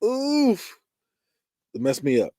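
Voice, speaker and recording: Animated man recapping horror deaths. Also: mid-range voice, normal speed, no echo, clean studio sound. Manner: animated, acts out quotes and screams, laughs often. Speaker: podcast host. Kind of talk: casual movie recap.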